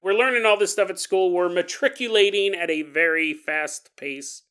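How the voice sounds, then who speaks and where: A man's voice: high voice, normal speed, bright, forceful tone, clear, resonant tone. A man hosting a podcast, telling ghost stories casually with playful, jokey asides. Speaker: podcast host. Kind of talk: casual paranormal storytelling.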